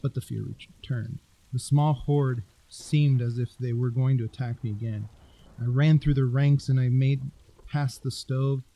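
A man narrating a scary story in a deliberate, storytelling manner. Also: mid-range voice, fairly even intonation, dark tone, low-quality recording.

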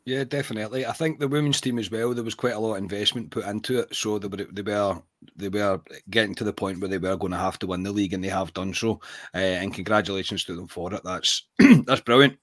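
A man hosts a casual chat podcast and reads a sponsor spot, his throat catching now and then. His voice sits on the low side. The sound is close and dry, with no room around it. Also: dry recording. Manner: reads ad copy briskly, apologetic asides. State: throat trouble, clearing throat. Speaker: podcast host.

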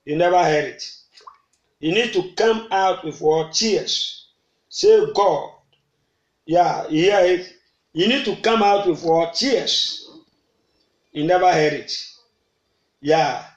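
A man preaches in a high voice and an unhurried rhythm. He calls out questions, the congregation echoes them, and at times he breaks into rhythmic tongues. The recording carries a roomy echo. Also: highs cut off. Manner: call-and-response preaching, repeats phrases and prompts the congregation. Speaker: pastor. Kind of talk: sermon.

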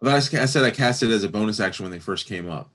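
A man's voice: lowish voice, lively intonation, racing, a bit bright. A man playing a tabletop game, hesitant and full of ums as he asks about the rules. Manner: hesitant, asks rule questions with many ums. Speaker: player.

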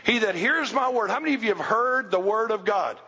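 A man with a high voice preaches a sermon in a church, emphatic and direct, questioning his listeners as he goes. His voice rings with a long hall reverb. The recording is dull and lo-fi. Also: brisk, bright, forceful tone, slightly rough. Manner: emphatic, asks the congregation questions. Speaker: pastor. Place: church sanctuary.

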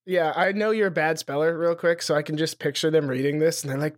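A man's voice: a little high, steady tone, quick pace. A young adult man hosting a comedy podcast, upbeat and laughing easily in casual chat.

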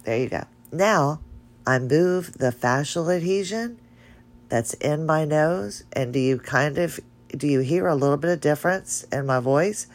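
A woman with a nasal voice hosts her own podcast in a loose, chatty ramble, often laughing at herself. She takes her time, with unhurried, drawn-out phrasing. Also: sits low. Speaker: podcast host. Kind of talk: casual solo podcast talk.

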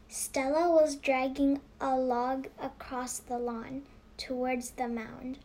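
A woman reading a children's novel aloud, slowly and carefully, with restarts and whispered passages. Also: high-pitched, level tone. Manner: slow, careful reading with many restarts, dropping to a whisper for hushed moments. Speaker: reader.

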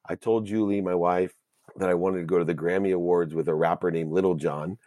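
Low-voiced guy telling his own story, earnest and emotional, stumbles and restarts, dry close sound. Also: fairly even intonation, brisk, mellow, no echo. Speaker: guest. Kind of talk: personal storytelling.

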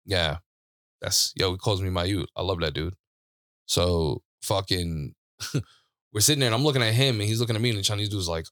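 Podcast host, man, lowish voice, dry close sound, loose and profane storytelling. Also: fairly quick, a bit bright, dry recording. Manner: laid-back, profane, laughs often while telling stories. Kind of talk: casual storytelling chat. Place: studio.

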